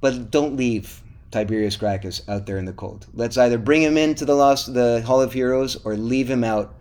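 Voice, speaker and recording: A man's voice: medium pitch, normal speed, a little mellow. A middle-aged man co-hosting a podcast, wrapping up the episode in a casual, upbeat way and pleading with listeners to vote and leave reviews. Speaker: podcast co-host.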